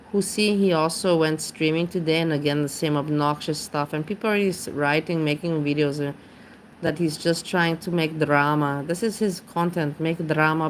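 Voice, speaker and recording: A woman's voice: sits low, slight background noise. A woman chatting casually on her livestream, rambling and greeting viewers in chat by name. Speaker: livestream host. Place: home.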